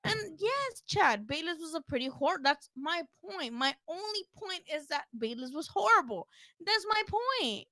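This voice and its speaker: A woman's voice: high voice, animated, normal speed, pushed and bright, no echo. A woman hosting a casual post-fight livestream, talking bluntly and profanely while answering her chat. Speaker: boxing livestream host.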